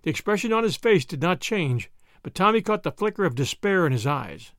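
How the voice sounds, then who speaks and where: A man narrating an audiobook in an expressive storytelling delivery. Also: sits high, brisk, dry recording, clean studio sound.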